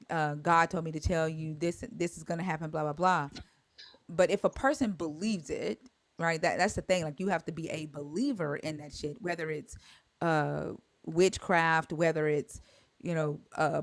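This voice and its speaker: A woman hosting a livestream talk, explaining her views in a measured, casual way. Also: low voice, no echo. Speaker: livestream host. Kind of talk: casual discussion.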